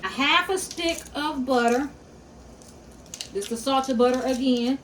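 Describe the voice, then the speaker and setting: A woman's voice: high voice, unhurried, a bit bright, a little hiss or hum. Chatty woman cooking at home. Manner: chatty, talks to viewers as y'all and baby. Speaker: cooking vlogger. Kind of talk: casual cooking tutorial. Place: home kitchen.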